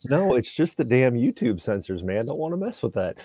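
A man's voice: medium pitch, fairly quick, breathy edge, no room sound. A man from Indiana, a couples therapist, talking animatedly and emphatically in a casual podcast chat. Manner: animated, emphatic, swings loud and soft.

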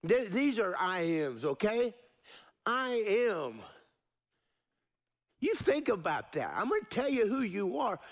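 A man's voice: high-pitched, very animated, slow, pauses often. A middle-aged male pastor, preaching a sermon and leading the congregation in call-and-response. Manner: call-and-response preaching, varying pace and emphasis.

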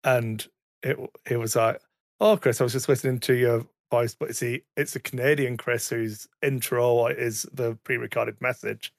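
A man's voice: mid-range voice, fairly even intonation, moderate pace, vocal fry, no room sound, studio quality. A man chatting casually as a podcast co-host, rambling and self-correcting, with the odd swear word. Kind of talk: casual chat. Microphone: studio mic, sometimes too far from it.

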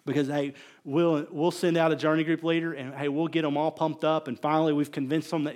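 A middle-aged man preaching a conversational sermon as pastor, telling stories animatedly and swinging between loud emphasis and quiet asides. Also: on the high side, flat delivery, a little fast, few pauses.

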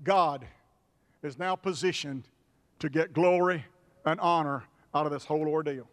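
A man with a high, ringing voice preaches a sermon in a church sanctuary. He builds up his points with repeated, emphatic phrases, and his words carry a long reverb through the hall. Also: a little slow. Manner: preaching with rising emphatic repetitions. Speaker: pastor.

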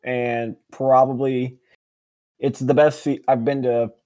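Man, podcast co-host, casual chat, jokey, animated, middle pitch. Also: slow. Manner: animated, jokey, pitch jumps when excited.

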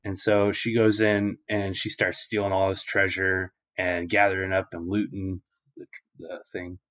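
A man's voice: sits low, flat delivery, measured pace, fairly bright tone. A man co-hosting a podcast, recapping an episode in a rambling, filler-heavy, profane way. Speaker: podcast co-host. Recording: dull lo-fi recording.

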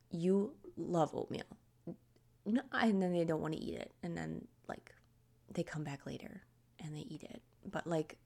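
A woman's voice: on the low side, a little mellow. A woman hosting a podcast in a casual, rambling chat, with a scratchy throat, many fillers and frequent laughs. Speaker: podcast host.

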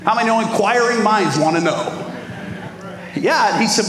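Pastor, male, animated sermon with call-outs, higher voice, echoey hall. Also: normal speed, pauses often. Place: large church hall. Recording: echoey hall with background noise.

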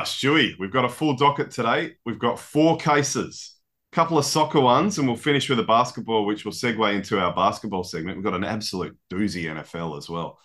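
A man co-hosting a casual sports podcast, chatty and quick to laugh, with mock-legal banter. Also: lowish voice, a bit bright. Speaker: podcast co-host.

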